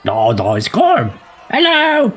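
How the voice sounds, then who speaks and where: A man's voice: sits high, wildly swooping pitch, slow pace, a bit bright, full character voice. A man voicing a small, childlike, friendly creature who talks about himself in the third person with broken grammar. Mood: eager.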